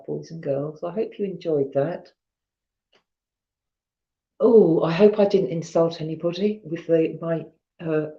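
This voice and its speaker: A woman's voice: low-pitched, dark tone. Chatty Southern English woman storyteller. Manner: chatty, self-deprecating, greets viewers between readings. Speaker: storyteller on a live stream. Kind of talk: reading ghost stories aloud and chatting with viewers. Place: at home on a sofa. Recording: roomy, dull lo-fi stream audio.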